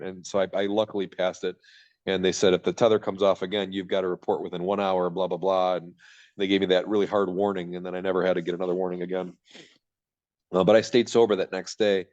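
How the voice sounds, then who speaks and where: A man's voice: low-pitched, darkish tone. A man in his thirties from Michigan, telling his own story as a podcast guest, rambling and cutting himself off as he acts out his old thoughts. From Michigan, USA. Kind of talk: candid storytelling in a podcast interview. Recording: dull lo-fi sound.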